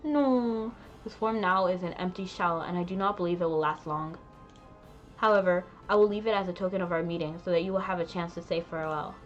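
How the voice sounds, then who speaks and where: A woman voicing a solemn, ancient divine female spirit in a game, speaking in slow, grave, formal proclamations. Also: fairly low pitch, highs cut off, soft background music, natural voice. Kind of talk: reading game dialogue aloud.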